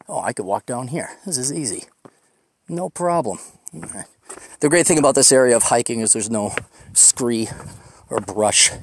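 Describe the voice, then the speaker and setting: A man's voice: mid-range voice, vocal fry, a little hiss or hum. A man hosting a podcast, rambling casually while hiking outdoors on a desert trail, ranting with profane sarcasm. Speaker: podcast host.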